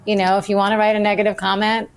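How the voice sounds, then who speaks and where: A woman hosting a podcast, asking questions in a casual interview, frank and dry with quick asides. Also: medium pitch, little pitch movement, slight background noise. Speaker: podcast host.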